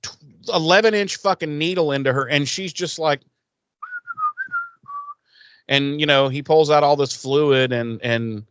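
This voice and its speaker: A man co-hosting a podcast, casually retelling an episode with quick acted-out quotes and swearing. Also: fairly high pitch, fairly bright tone, a little hiss or hum. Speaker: podcast co-host. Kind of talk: casual episode recap chat.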